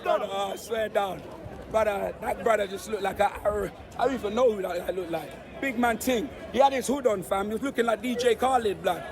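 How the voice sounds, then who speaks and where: A hoarse young man with a London accent, vlogging loudly and boastfully to a phone camera after a football win. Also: high voice, moderate pace. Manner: loud, boastful street-slang banter. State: hoarse, voice nearly gone. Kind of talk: excited fan vlog to camera. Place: crowded street outside a stadium. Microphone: handheld phone camera. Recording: noisy crowded street. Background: crowd of fans.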